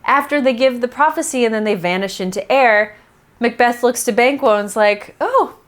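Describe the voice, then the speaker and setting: A woman talking in a casual, animated way as she reviews a film, laughing often and acting out lines in quick little voices. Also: fairly high pitch. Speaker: theater review vlogger.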